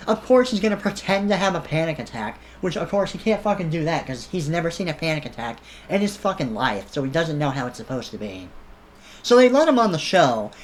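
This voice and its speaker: A commentator tears into the subject in a heated, profane reaction rant. The delivery is sarcastic, with a pitch that swings widely around a middle register. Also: a little hiss or hum. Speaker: online commentator.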